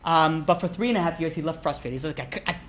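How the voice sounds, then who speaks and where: A man, a rabbi, teaching a class through lively storytelling, acting out characters' lines and speaking casually with lots of fillers. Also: fairly high pitch, fast talker. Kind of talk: storytelling lecture.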